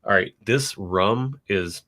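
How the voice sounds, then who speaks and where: A man's voice: fairly low pitch, slow pace. A man co-hosting a livestream, chatting casually and rambling with fillers while tasting. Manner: relaxed, rambling tasting talk with many fillers. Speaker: livestream co-host.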